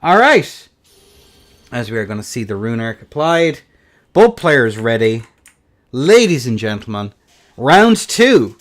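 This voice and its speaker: A young man calls a video game tournament with lively play-by-play, swinging from hushed murmurs to hyped shouts. His voice sits at an ordinary middle pitch, and he tosses in playful, joking asides between the action. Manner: playful, slips into a joking Scottish accent. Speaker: tournament commentator. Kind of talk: play-by-play esports commentary.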